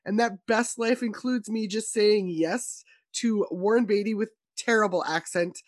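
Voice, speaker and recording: A woman's voice: medium pitch, a little slow, no room sound. Woman, podcast host, casual film chat, enthusiastic, opinionated, dry close sound.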